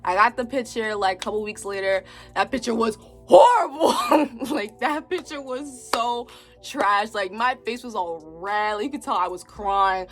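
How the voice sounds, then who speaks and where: A young woman vlogger telling a storytime story in a lively, chatty way, acting out what everyone said and filling her talk with "like". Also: medium pitch, moderate pace. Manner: animated storytelling, acts out quotes, heavy use of 'like'. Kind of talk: storytime vlog.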